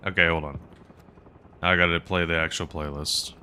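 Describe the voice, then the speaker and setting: A man's voice: low-pitched, steady tone, moderate pace, pauses often, sharp tone, clean tone. A man live-streaming a game, rambling casually and chatting with viewers between laughs. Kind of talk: casual gaming commentary.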